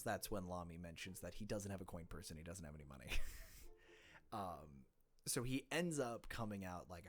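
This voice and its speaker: A man narrating as game master of a tabletop game, in a loose, meandering way with self-corrections. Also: sits low.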